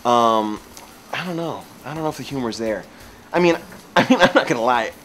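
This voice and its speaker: A man spinning a funny anecdote in a loose, rambling way, his pitch bouncing widely as he gets carried away. His voice sits in an ordinary middle register, with faint background hiss behind it. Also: brisk. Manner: animated, rambling, many fillers. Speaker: vlogger telling a story. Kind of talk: casual comic storytelling.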